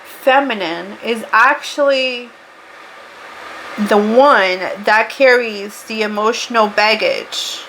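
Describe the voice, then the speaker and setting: Taking it slowly, a Portuguese-accented woman from Portugal gives a casual spiritual card reading in a bright, forceful, a little high voice. It rambles chattily into talk, and she self-corrects as she goes, over slight background noise on a rough recording.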